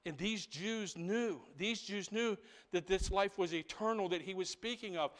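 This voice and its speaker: Guy preaching in church, high smooth voice, goes big then drops way quiet, keeps saying "right?". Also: normal speed, in a large hall. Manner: swings between loud, rising proclamation and hushed, intimate asides; keeps checking in with the congregation with a repeated "right?". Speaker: pastor. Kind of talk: sermon.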